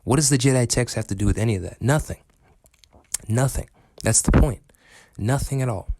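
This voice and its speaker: A man's voice: mid-range voice, fast, darkish tone, dry recording. A man ranting in an angry, profane and sarcastic way in a commentary video. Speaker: film commentary vlogger.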